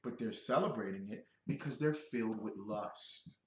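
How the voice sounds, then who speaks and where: A man giving a loud, joking scripture lesson who quizzes his listeners. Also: lowish voice, moderate pace, reverberant. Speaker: scripture teacher. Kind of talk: animated scripture breakdown.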